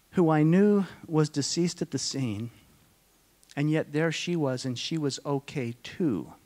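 Middle-aged guy on stage telling his story, halting and emotional, goes quiet and slow a lot. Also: on the high side. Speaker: conference speaker. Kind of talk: personal testimony talk to an audience. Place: conference hall.

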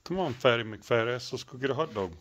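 A man talking to his pets outdoors in a coaxing, playful way, calling them in high sing-song baby talk and teasing them with mild swearing. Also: brisk, fairly bright tone, a little hiss or hum. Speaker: pet owner filming animals. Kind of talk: casual talk to animals.

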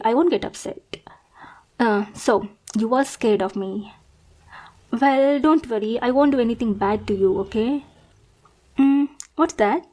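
A woman doing a sugary obsessive stalker girl, whispered role-play. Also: a little high. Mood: sweet coaxing. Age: young adult. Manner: sugary, coaxing, softly menacing. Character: obsessive young woman stalker, sweetly possessive. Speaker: roleplay performer.

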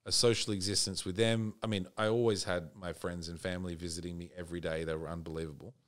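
Australian man, very deep voice, laid-back storytelling, casual swearing. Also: little pitch movement, quick pace. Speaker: podcast guest.

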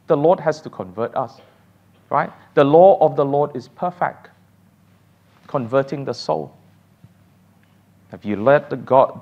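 A man teaching a church Sunday school class, animated and laughing often as he takes questions. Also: a little high, vocal fry, dull audio.

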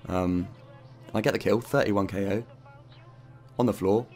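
A man's voice: fairly low pitch, a little slow, darkish tone, faint music behind. A man narrating his own game footage in loose, rambling commentary, swearing often and dropping in fillers. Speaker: gaming YouTuber narrating his own gameplay. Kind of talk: casual gameplay commentary.

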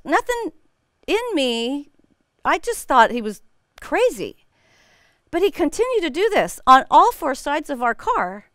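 Lively middle-aged woman Bible teacher. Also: high-pitched, dry recording, studio quality. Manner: animated, chatty, laughs often. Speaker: women's Bible study teacher. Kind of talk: Bible teaching with personal storytelling.

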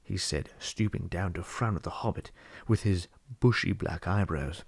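A man reading a classic fantasy novel aloud as an audiobook narrator, telling the story in a steady, read-aloud way. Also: low voice, moderate pace, gravelly, husky, no echo. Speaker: audiobook reader. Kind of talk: scripted narration.

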